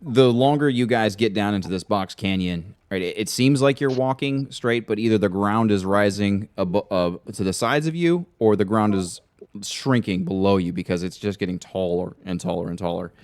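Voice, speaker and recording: A man's voice: fairly low pitch, moderate pace, a little mellow. A man narrating a tabletop game as game master, casually describing scenes. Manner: casual, descriptive, repeats words.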